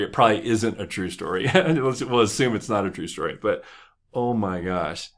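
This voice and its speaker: Hosting a motivational podcast, this man speaks in a fairly low yet fairly bright voice, expressive and brisk. His storytelling is casual and conversational, full of jokes and frequent laughter.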